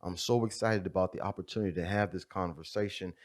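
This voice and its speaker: A man's voice: sits low, fast talker. Impassioned man preaching about fatherhood. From USA. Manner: fervent, preacher-like, repetitive refrains. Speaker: video creator speaking on fatherhood. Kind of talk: impassioned motivational monologue.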